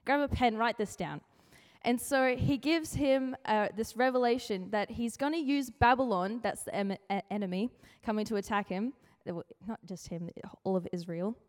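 A fairly high-voiced woman giving a relaxed youth devotion, chatty and playful, slipping into comic voices for the people she quotes. Her voice rings out with a long reverb, as if she is speaking in a large hall. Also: normal speed, hardly any pauses. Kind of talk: casual youth sermon.

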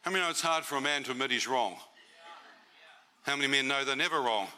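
A man's voice: mid-range voice, quick pace, background noise. A man giving a testimony sermon to a church meeting, conversational and often asking the audience questions.

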